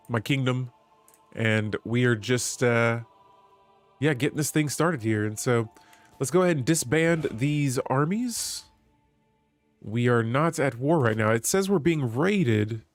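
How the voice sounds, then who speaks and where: A man's voice: medium pitch, animated, measured pace, soft background music. A man streaming a strategy game, chatting with viewers and reading the in-game text aloud. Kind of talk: live gameplay commentary.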